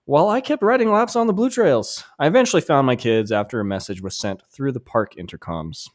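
Man reading a story with lively pitch. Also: brisk. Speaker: podcast co-host. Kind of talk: reading a listener story aloud.

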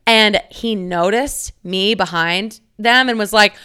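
A woman's voice: medium pitch, measured pace, hardly any pauses, sharp tone, clean tone. A young woman hosting a solo podcast, chatting casually with lots of fillers, swearing and giggles as she tells a story. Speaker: podcast host.

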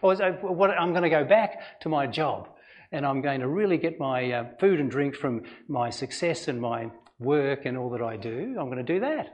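A man's voice: medium pitch, animated, moderate pace, dull audio. A man, a pastor giving an earnest, conversational sermon full of rhetorical questions. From Australia.

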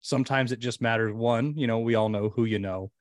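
A man guest on a podcast, chatting casually as an animated storyteller with lots of fillers. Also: medium pitch, fairly quick, no echo, studio quality.

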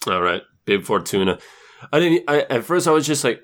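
A man co-hosting a podcast, excitable and exclamatory in casual chat. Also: on the low side, normal speed. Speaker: podcast co-host.

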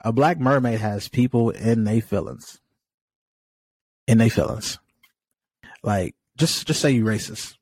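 A man's voice: mid-range voice, measured pace, pauses often, darkish tone, no room sound. A man from California co-hosting a podcast, talking in a frustrated, conversational way and laughing often. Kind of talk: casual chat.

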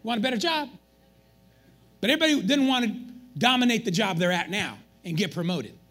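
A man delivers a sermon from the pulpit, his voice pitched high and swinging widely up and down. There is a breathy, husky grain to it, and faint music plays underneath. He teases the congregation as he goes. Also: brisk. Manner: animated, joking with the congregation. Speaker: pastor. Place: church.

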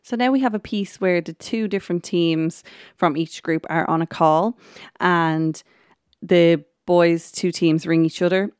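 A woman with a lowish voice hosts a podcast recap in a relaxed, chatty way. She hesitates with ums, restarts her sentences and slips into quoting what people said. The recording is close and dry, with no room sound. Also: measured pace, clear, resonant tone, no echo. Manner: chatty storytelling with frequent ums, restarts and quoted lines. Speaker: podcast host. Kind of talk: casual recap of a TV episode.

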